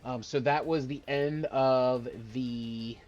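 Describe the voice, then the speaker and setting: A man's voice: mid-range voice, fairly even intonation, takes it slowly, highs cut off, faint music behind. A man narrating as dungeon master on a live-streamed tabletop game, casual and rambling with fillers.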